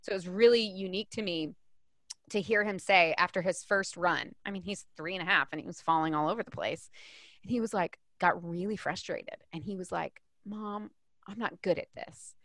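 A woman in her thirties talking as a guest on a podcast, emphatic and fast-flowing, with frequent "like" fillers. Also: lowish voice, a bit bright, no echo, studio quality. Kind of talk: podcast conversation.

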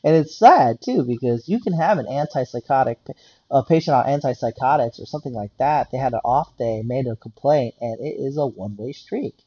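A man's voice: mid-range voice, brisk, dark tone, breathy edge, no room sound, muffled recording. A man talking in a rambling, blunt casual rant about working in a medical office, swearing and repeating himself.

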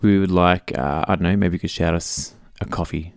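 A man's voice: low voice, steady tone, a little fast. A middle-aged Australian man co-hosting a casual podcast, joking and reading out listener messages. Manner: jokey, reads out listener messages. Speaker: podcast co-host. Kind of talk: casual chat.

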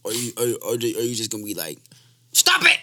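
A man hosting a casual podcast, joking and laughing, breaking into loud outbursts. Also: fairly low pitch, racing. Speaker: podcast host.

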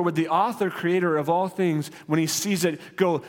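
A man's voice: high-pitched, moderate pace, few pauses, in a large hall. A man preaching a sermon in an earnest, conversational teaching manner with rising emphasis. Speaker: pastor.

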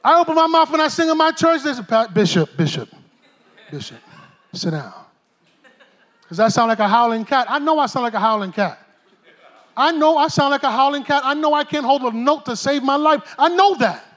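High-voiced New pastor preaching. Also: male voice, a little fast. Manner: animated, joking, streetwise preaching. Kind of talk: sermon. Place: church stage.

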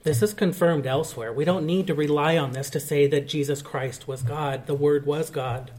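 Higher-voiced male pastor preaching. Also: darkish tone. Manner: earnest, explanatory teaching. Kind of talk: sermon.

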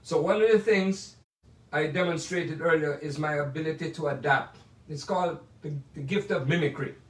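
A man in his eighties from Jamaica with a Jamaican accent, telling playful, chatty stories about his life in music from his home music room. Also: on the high side. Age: 80s. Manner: chatty, playful, drawn-out asides. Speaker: musician sharing memories. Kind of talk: casual storytelling monologue. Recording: echoey room, mic at a distance.

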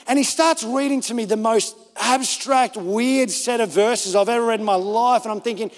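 A man with an Australian accent, preaching a sermon as pastor, telling stories in an animated way and acting out other voices. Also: very high voice, brisk. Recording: reverberant church hall.

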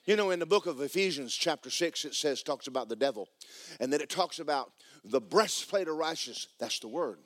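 A pastor preaching in church, his voice sitting fairly high for a man and swinging widely up and down. He hammers his points home with emphatic, homespun humor. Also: animated, a little fast, a bit bright, no room sound, studio quality. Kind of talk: sermon. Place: church sanctuary.

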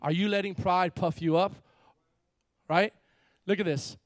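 A man preaching a lively sermon, reading scripture and repeating his words with frequent laughs. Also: high voice, unhurried, dry recording, studio quality. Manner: animated, repeats words, laughs often, acts out characters. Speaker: pastor.

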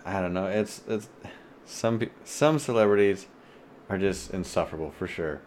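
A man's voice: low voice, normal speed, darkish tone, slight background noise. A man co-hosting a podcast in casual chat, agreeing and laughing along, with some swearing. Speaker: podcast co-host.

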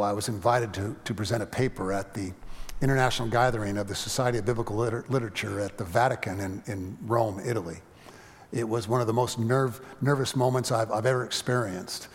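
A man preaching a sermon, telling a personal story with animated energy and frequent halting restarts. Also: medium pitch, big-room sound. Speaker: pastor.

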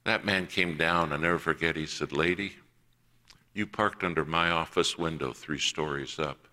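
A man's voice: extremely low pitch, normal speed, sharp tone. A man preaching a sermon, telling a personal story and acting out the voices of the people in it.

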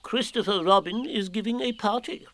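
A man's voice: high voice, moderate pace, fairly bright tone, voice pushed up. A man voicing a fussy, self-important old owl in a storybook reading, full of chuckles.

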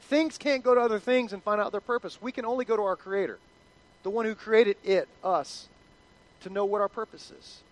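A middle-aged male pastor preaching a sermon in an animated, conversational way, acting out quotes. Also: high voice, a little fast, low-quality recording.

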